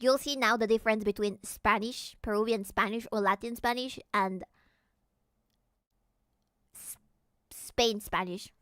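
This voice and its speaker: A woman from Peru streaming a casual reaction chat, animated and giggly as she translates and explains. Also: a little high, unhurried, pauses often, clear, resonant tone, no echo.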